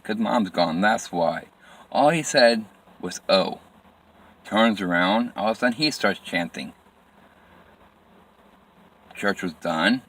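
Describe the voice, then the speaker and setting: A man telling a personal story from his life in plain, halting phrases with frequent restarts and repetition. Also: deep voice, a bit bright.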